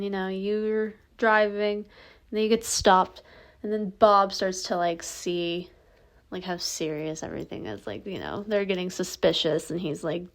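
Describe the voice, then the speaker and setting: A young woman casually narrating a listener role-play, rambling with many fillers and some swearing. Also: on the low side.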